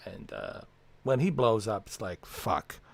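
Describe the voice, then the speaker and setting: A man's voice: lowish voice, sing-song, a little slow, gravelly. A man hosting a casual livestream from home, rambling and swearing with lots of fillers. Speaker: livestream host.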